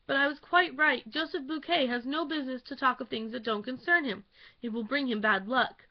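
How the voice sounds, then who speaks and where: A frightened young ballet girl blurts out her words through tears, as a woman reads her. Her voice sits high and strained, and the dull, lo-fi home recording takes the sparkle off it. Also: brisk. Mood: fretful. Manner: tearful, blurting.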